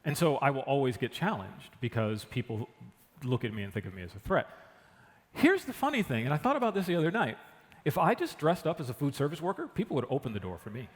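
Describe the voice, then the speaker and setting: A man being interviewed, telling stories in an animated way and acting out the people in them. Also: on the high side. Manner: animated retelling, acts out what others said. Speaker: guest, engineering director. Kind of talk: conversational interview storytelling. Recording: long hall reverb.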